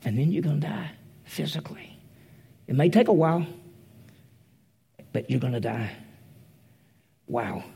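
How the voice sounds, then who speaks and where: A man's voice: a little high, big pitch swings, a little slow, vocal fry, long pauses, dark tone, breathy edge. A man preaching a conversational sermon, acting out the quoted voices as he retells a story.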